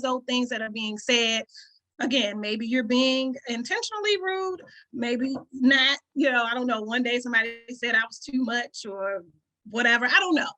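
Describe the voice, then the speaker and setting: A woman's voice: on the high side, bright, forceful tone. A woman with a Southern country twang, hosting a community call and talking casually to the group, often checking in with "right?". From rural southern United States. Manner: conversational, frequent "right?" check-ins, occasional laughs. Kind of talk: casual talk to an online group.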